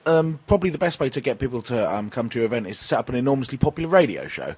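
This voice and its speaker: A man's voice: mid-range voice, big pitch swings, racing, darkish tone, breathy edge. A man co-hosting a podcast at a conference, interviewing guests with dry, self-mocking humour. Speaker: podcast co-host. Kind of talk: casual chat. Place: conference venue.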